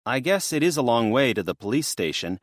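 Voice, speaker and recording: A man voicing a wary young woman stranded after a disaster, lifting his voice higher for her quick questions. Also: sing-song, no room sound, studio quality. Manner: bright, lifted pitch, quick asking.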